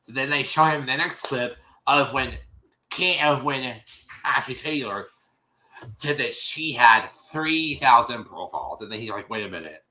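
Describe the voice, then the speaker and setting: Male host, casual recap chat, very bright tense tone, rambling delivery. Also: medium pitch, slight background noise. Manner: rambling, many restarts, acts out quotes. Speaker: show host recapping an episode.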